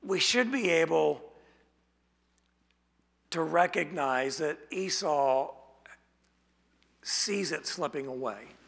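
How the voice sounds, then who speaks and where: A man preaching an expository sermon, speaking slowly and deliberately and asking rhetorical questions. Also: fairly high pitch, animated, vocal fry, a bit bright, breathy edge. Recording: long hall reverb.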